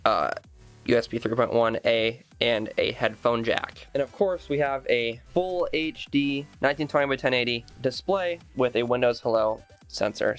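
A young man chatting casually as he unboxes and sets up a laptop, thinking aloud with plenty of fillers. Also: mid-range voice. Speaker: tech vlogger.

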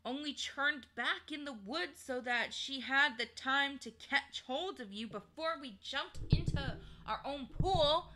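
A woman doing a sharp-tongued storybook girl. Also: a little high, big pitch swings, slow pace, pauses often, slight background noise, exaggerated voice. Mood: sarcastic. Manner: indignant, sarcastic. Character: proper young English girl, sharp-tongued.

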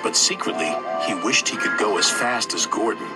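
Animated man narrating a storybook. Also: on the low side, moderate pace. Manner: animated, expressive reading. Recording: loud music behind.

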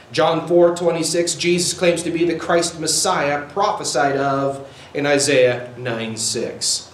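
A man's voice: a little high, reverberant, low-quality recording. A male pastor preaching a sermon, quoting scripture with rising fervor.

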